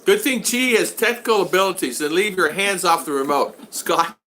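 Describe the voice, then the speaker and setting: A man's voice: sits high, animated, normal speed, bright, forceful tone. An older man hosting a casual live-stream vlog, rambling along and reading out viewer comments. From United States. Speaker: vlog host.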